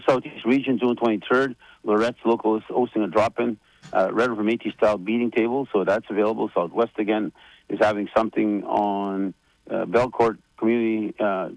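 Gravelly, halting man on the radio. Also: on the low side, steady tone, dry recording, poor audio. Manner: rambling, halting with many fillers and restarts. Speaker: federation leader giving updates on radio. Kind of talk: casual radio chat.

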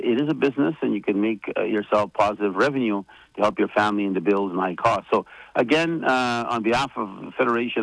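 A man giving community updates on the radio in a rambling, halting way, full of fillers and restarts. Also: lowish voice, creaky, dry recording, poor audio. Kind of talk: casual radio chat.

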